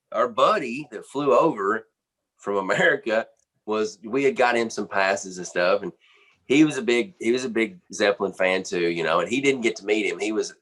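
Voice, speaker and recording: A man, a band's drummer, telling a backstage story in an animated, casual way, full of "man" and "you know.". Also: fairly low pitch. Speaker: band drummer interviewed.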